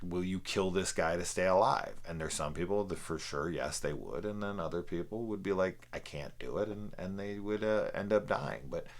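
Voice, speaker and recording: A man's voice: low-pitched, moderate pace, hardly any pauses. A man casually reviewing a film, rambling with many fillers and restarts. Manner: rambling, lots of fillers and laughs.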